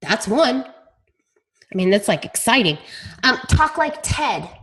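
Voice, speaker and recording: A woman's voice: a little high, big pitch swings, unhurried, fairly bright tone. A woman leading her team call, telling stories in a chatty, self-deprecating way. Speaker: team leader on a coaching call. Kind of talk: casual team call talk.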